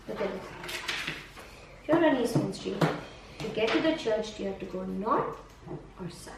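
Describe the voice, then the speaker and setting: A woman's voice: mid-range voice, expressive, normal speed, creaky. A woman teacher guiding a student through a map lesson one on one, patient and coaxing, repeating prompts and praise. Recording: echoey room from far off, faint noise.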